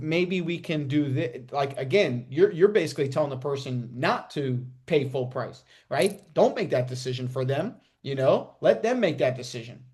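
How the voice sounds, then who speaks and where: A young man coaching live on a video call, energetic and talking motivationally, checking in with "right?" and "okay?" all the time. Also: on the high side. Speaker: coach hosting a live online session.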